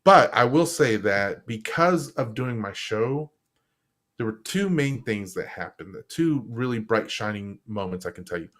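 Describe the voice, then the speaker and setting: Animated man telling stories. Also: measured pace. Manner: animated storyteller, acts out quotes with big pitch jumps. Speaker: guest. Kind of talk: casual interview chat. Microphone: live stream setup.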